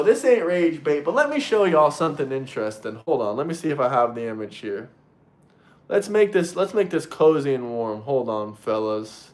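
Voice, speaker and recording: A man hosting a political livestream, ranting in a mocking, crude, sarcastic way and mimicking opponents in shrill voices. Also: echoey room. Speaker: livestream host reading super chats.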